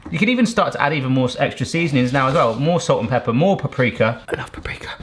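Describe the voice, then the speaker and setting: A man's voice: medium pitch, fast talker, slight background noise. A man hosting a casual home cooking video, chatting playfully and joking as he cooks in his kitchen. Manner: playful, jokey, animated. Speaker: cooking show host.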